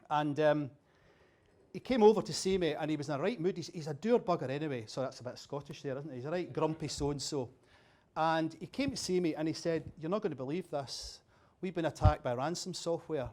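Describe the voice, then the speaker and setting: A man's voice: a little high, a little fast, a little mellow. A man giving an after-dinner talk at a dinner event, chatty and self-deprecating, often restarting his sentences. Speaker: dinner speaker.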